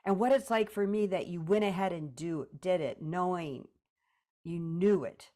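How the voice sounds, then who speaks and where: A woman therapist leading a session, gently prompting and directing her client step by step. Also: lowish voice, moderate pace.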